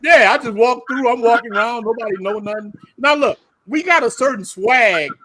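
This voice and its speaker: Lively American man telling stories. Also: very high-pitched, moderate pace, no room sound. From United States. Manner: animated storytelling, slangy, laughs often. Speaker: livestream host. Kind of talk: casual group chat on a livestream.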